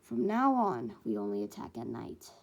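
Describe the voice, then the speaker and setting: Woman doing a grim older villain boss giving clipped orders, gravelly and dark. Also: a bass voice, big pitch swings, moderate pace, dull audio, slight background noise, voice pushed down, full character voice. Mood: commanding.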